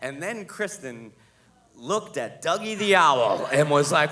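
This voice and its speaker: Bright-voiced man doing stand-up. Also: lively intonation, moderate pace. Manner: storytelling with loud, high impressions of others. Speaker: stand-up comedian. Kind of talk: stand-up set. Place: theater stage with live audience.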